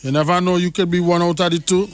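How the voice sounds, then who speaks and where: A man's voice: sits high, level tone, fast, a little hiss or hum. A man hosting a radio phone-in, encouraging the caller with short acknowledgements and promo talk. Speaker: radio host.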